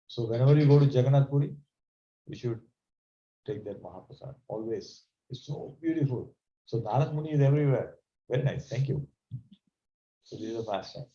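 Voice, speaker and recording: A man teaching a scripture class, telling stories in a conversational, animated way and asking the audience questions. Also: mid-range voice, roomy sound, dull audio.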